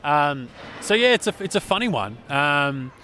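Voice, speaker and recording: A man's voice: on the high side, normal speed, slight background noise. Chatty Australian man, interview guest. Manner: chatty, animated storyteller with many fillers. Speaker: sports journalist guest. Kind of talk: casual interview chat. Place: sports arena after a game.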